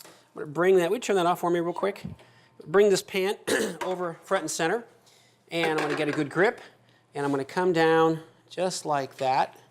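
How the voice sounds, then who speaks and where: A man's voice: on the high side, steady tone, normal speed, a little hiss or hum. A man hosting a cooking show as the chef, chatty and upbeat, talking viewers through each step in a kitchen. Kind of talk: cooking demonstration.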